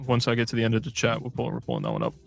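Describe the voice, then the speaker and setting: A man's voice: medium pitch, sing-song, very fast, creaky, faint music behind. A man hosting a casual fan livestream, reading chat comments aloud in a chatty, scattered way.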